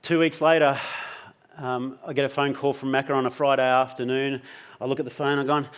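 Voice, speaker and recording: A man's voice: medium pitch, level tone, brisk, clear, resonant tone. A middle-aged Australian man giving a personal storytelling talk on stage, intense and emotional, swearing freely. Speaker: keynote speaker.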